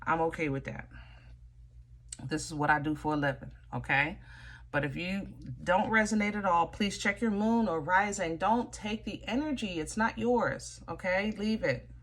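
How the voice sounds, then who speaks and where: A woman's voice: on the low side, normal speed, a bit bright. A woman giving a casual tarot reading to viewers, chatty and direct, often teasing with "you know?" and "okay?". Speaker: tarot reader.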